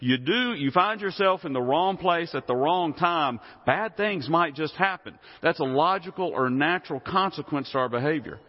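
A man's voice: on the high side, expressive, moderate pace, few pauses. A man preaching a sermon in a conversational way, often asking the congregation questions. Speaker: pastor. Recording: muffled sound with long hall reverb.

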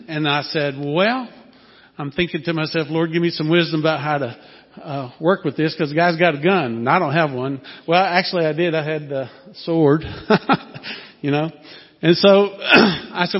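An older man with a Southern accent tells a folksy, wandering story to a church congregation, stopping often for fillers. His voice sits a little high. The sound is muffled and rings with a long hall echo. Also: unhurried, breathy edge. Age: 60s. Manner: folksy, rambling with many fillers. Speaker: former missionary telling a story. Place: church sanctuary. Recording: dull, echoey hall sound.

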